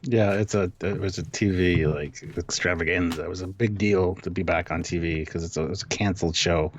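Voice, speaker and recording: Low-voiced man on a dull, dry mic. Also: slight background noise. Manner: relaxed, halting, with fillers. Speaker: co-host. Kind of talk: casual live-stream chat.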